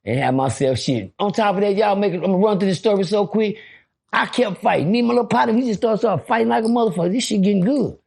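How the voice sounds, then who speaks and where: A man telling a story on a podcast in a casual, animated way, acting out voices and throwing in profane asides. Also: high voice, fast, vocal fry, breathy edge.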